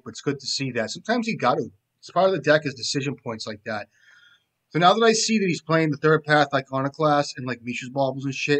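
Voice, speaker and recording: Man muttering profane card-game commentary. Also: fairly bright tone. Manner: profane, joking, trailing off into low mumbles. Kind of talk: casual commentary while playing.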